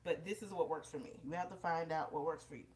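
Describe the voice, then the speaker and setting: A woman's voice: low voice, fast talker, a little mellow, roomy sound, a little hiss or hum. A woman vlogger, a little out of breath, chatting directly to her viewers while demonstrating on camera at home. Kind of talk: casual vlog, demonstrating on camera. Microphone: camera propped up in front of her.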